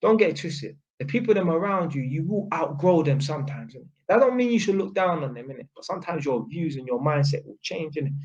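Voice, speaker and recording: A man's voice: a little high, sing-song, quick pace, hardly any pauses, dull audio. A young man with a London accent, talking straight to camera in a blunt, casual monologue full of street slang, swearing and repeated "innit". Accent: London (Multicultural London English). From England. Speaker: vlogger.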